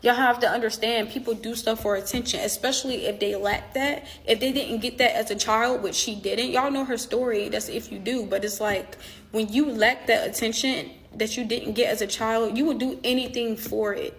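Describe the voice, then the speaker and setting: A woman's voice: a little high, steady tone, normal speed, a little hiss or hum. A woman telling a personal story in casual chat, animatedly acting out past conversations and speaking straight to her viewers. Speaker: boxer telling her side of a falling-out.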